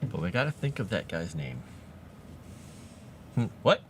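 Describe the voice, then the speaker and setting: A man chatting casually with his live-stream audience while writing fantasy lore, animated and quick to laugh. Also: sits low, background noise. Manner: animated, chatty, laughs often, talks to chat.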